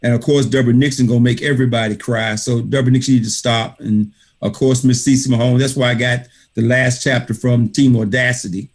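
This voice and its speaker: A man's voice: mid-range voice, fairly even intonation, brisk, hardly any pauses. Emphatic man giving a motivational talk. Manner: emphatic, repeats key phrases like a preacher. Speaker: author thanking readers at an online book reading. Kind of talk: motivational speech. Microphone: video call.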